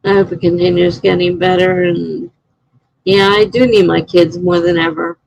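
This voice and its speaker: A woman's voice: on the low side, fairly even intonation, moderate pace, vocal fry, a little mellow, a little hiss or hum, poor audio. A middle-aged woman chatting casually on a live stream, answering chat messages and laughing often.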